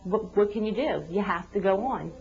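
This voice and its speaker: A woman's voice: mid-range voice, moderate pace, darkish tone, a little hiss or hum. A woman, a mother of a newborn, speaking candidly and from the heart about her experience, with restarts. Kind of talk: personal testimony. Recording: dull lo-fi video sound.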